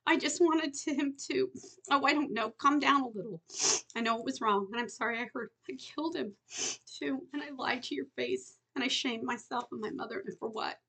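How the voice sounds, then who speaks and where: A woman's voice: high voice, normal speed, sharp tone, slightly rough, pitched above the performer's own voice, full character voice, low-quality recording. A woman reading aloud, voicing a guilt-ridden teenage boy who is a bully, pleading in a raised voice. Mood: desperate pleading.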